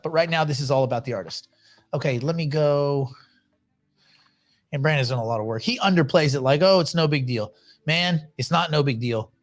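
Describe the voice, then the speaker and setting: A man casually hosting a livestream, talking in a rambling, chatty way with frequent restarts. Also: a little high. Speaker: livestream host.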